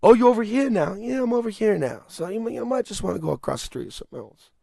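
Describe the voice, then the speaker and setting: A man putting on an Italian-American accent to play a threatening mobster who talks in halting, quiet warnings. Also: sits high, lively intonation, vocal fry, dry recording, studio quality, pitched above the performer's own voice, exaggerated voice. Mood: menacing. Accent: put-on Italian-American.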